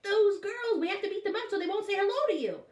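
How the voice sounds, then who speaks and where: A sulky, boastful little bully of a schoolboy, put on by a woman reading a storybook, pitched high and swooping up into whiny shouts. The sound is roomy and echoing, picked up from a few feet off the mic. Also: lively intonation, quick pace. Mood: scheming, boastful. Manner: whiny, loud and high when upset. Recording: echoey room, far from the mic.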